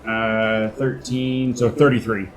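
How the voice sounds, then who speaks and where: A man running a tabletop game as dungeon master, unhurried and chuckling as he thinks aloud between dice rolls. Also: fairly low pitch, flat delivery, slight background noise.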